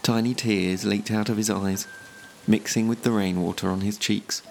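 A man narrating a written story in a measured, expressive storytelling manner. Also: lowish voice, creaky, faint music behind.

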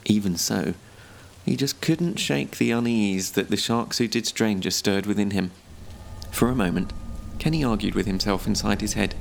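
Casting: male narrator with a low, gravelly voice, measured story reading, faint noise behind.

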